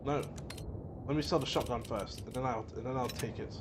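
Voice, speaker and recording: A man's voice: medium pitch, steady tone, fairly quick, heavy background noise. A man streaming a video game and rambling in casual, laughing commentary. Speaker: gameplay streamer. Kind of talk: casual let's-play commentary.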